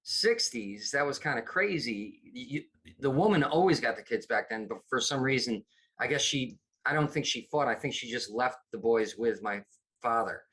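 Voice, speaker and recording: A man's voice: mid-range voice, expressive, normal speed, a bit bright, slightly rough. A middle-aged man from upstate New York, a comedy producer chatting as a podcast guest, rambling with many restarts. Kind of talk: casual interview chat.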